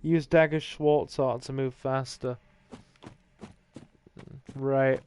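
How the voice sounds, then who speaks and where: A man's voice: medium pitch, steady tone, slow pace, a little mellow, slight background noise. A man, casually commentating a livestreamed game with dry, self-deprecating remarks to his chat, dry-mouthed from thirst. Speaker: gaming streamer.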